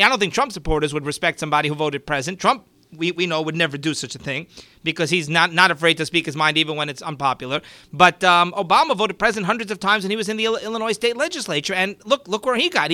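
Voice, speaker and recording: A male political commentator talks in a high, bright voice, rattling through his points at speed with sarcastic emphasis and many restarts. The sound is dry and close. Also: no echo.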